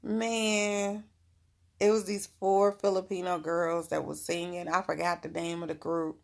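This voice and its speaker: A woman's voice: lowish voice, level tone, unhurried, vocal fry. A middle-aged woman giving frank, motherly spiritual advice in a casual livestream talk, laughing often.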